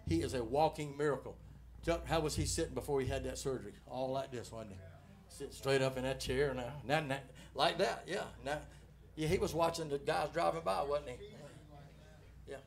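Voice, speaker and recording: A middle-aged man with a Southern US accent preaching a sermon in church, folksy and animated, moving between loud exhortation and quiet asides to the congregation. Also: mid-range voice, creaky. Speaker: pastor. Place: church sanctuary.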